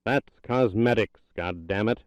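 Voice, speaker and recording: A man's voice: fairly low pitch, measured pace, no room sound, dull audio, lightly acted. A man reading an audiobook, voicing an impatient, older US president who speaks in a harsh drawl. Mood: angry.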